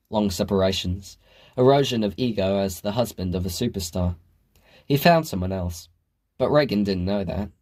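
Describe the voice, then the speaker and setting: A man reading a novel aloud as an audiobook narrator, in a measured storytelling manner. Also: lowish voice, a little mellow. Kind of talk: scripted narration.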